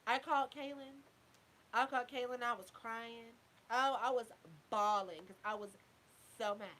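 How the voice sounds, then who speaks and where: A woman's voice: on the high side, steady tone, moderate pace, a bit bright, slight background noise, rough recording. A young adult woman host telling a personal story in a candid, profane, casual way, often turning to her listeners.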